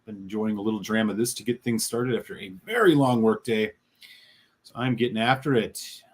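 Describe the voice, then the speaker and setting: A man's voice: on the low side, a little fast, breathy edge. A middle-aged man from the Chicago area hosting a live stream, reading out viewers' chat messages and greeting each of them by name in an upbeat way. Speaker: host.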